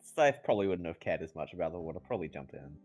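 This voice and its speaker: A man's voice: sits low, very animated, very fast, darkish tone, dull audio, faint music behind. A man playing a tabletop game, joking and laid-back. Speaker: player. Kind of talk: casual tabletop play.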